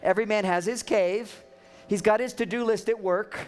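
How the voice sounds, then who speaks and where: A man speaking as a relationship counselor, giving a humorous seminar talk with animated, joking storytelling. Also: high-pitched, normal speed.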